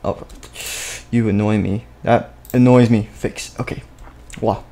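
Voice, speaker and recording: A man's voice: on the low side, steady tone, unhurried, dark tone. A young man narrating a game role-play on a live stream, rambling, goofy and often cutting himself off, into a desk microphone. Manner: rambling, self-interrupting, goofy.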